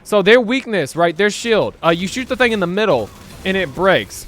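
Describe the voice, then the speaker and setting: A man's voice: high-pitched, sing-song, moderate pace, fairly bright tone. A young man rambling through casual gameplay commentary, laughing often and tossing in slang and "right?" as he talks. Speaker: gaming YouTuber.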